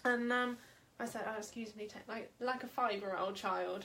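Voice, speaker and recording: A woman interviewing a guest in a home, telling stories in a lively, self-mocking way. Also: a little high, moderate pace, creaky, hardly any pauses, slight background noise. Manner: animated, self-mocking storyteller. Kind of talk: casual chat. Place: home living room.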